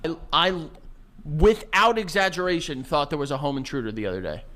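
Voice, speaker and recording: A man's voice: medium pitch, fast. A young man hosting a casual podcast chat, telling stories with lots of laughter and acting out what people said. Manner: animated, laughs often, acts out quotes. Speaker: podcast host.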